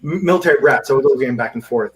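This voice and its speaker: A man who grew up in Seychelles, hosting a casual video chat in an animated way, often stumbling over repeated words. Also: mid-range voice, racing, poor audio. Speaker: host. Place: live video call.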